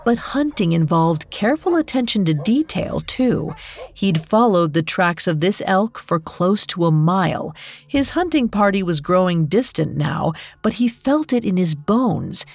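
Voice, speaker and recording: Woman reading a myth real slow, gravelly low voice, dry studio with soft music behind. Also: dry recording. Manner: slow, measured storytelling. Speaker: narrator. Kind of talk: scripted narration.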